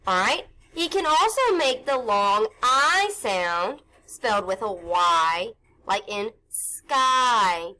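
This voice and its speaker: A woman leads an early reading lesson, drawing out each letter sound slowly and deliberately. Her voice is bright and crisp, and she coaxes young listeners along with gentle prompts. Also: medium pitch, animated. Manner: slow, stretched sounding-out of letters and syllables; patient, encouraging, speaks to young children. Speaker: phonics teacher.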